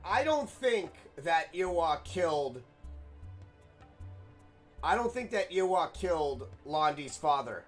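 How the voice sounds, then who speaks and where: Young man, game streamer, excitable, swears, rambling, higher voice, quiet music underneath. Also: slow, pauses often. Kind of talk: casual let's-play commentary.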